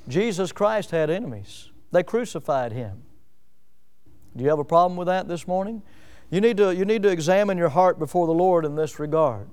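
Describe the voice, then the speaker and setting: This Northwest Florida pastor has a high, ringing, resonant voice with a somewhat dark tone, and he speaks with animation at a moderate pace. Building his sermon, he repeatedly poses rhetorical questions and stresses important words heavily.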